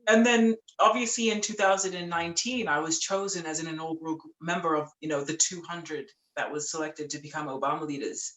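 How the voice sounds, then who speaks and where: A woman from Tonga, a podcast guest, telling stories in a lively, chatty way full of "like" and "um". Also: sits low, brisk, few pauses, reverberant, rough recording. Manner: lively, chatty, many fillers like "like" and "um". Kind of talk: casual storytelling in a podcast interview.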